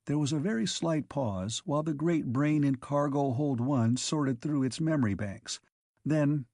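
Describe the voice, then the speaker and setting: A man narrating a science fiction audiobook in a measured, even storytelling manner. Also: a little high, dry recording, studio quality.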